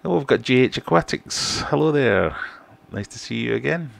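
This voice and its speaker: A middle-aged British man hosting a relaxed livestream, chatting and reading out viewer comments in a self-deprecating way. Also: medium pitch, moderate pace, creaky. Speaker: fishkeeping livestream host. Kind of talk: casual livestream chat.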